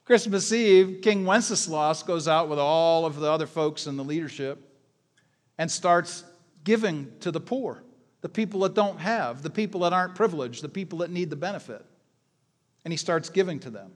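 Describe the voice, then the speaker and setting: A man preaching a sermon, animated and emphatic, swinging between soft asides and loud exclamations. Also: on the high side, normal speed. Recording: long reverb of a large hall.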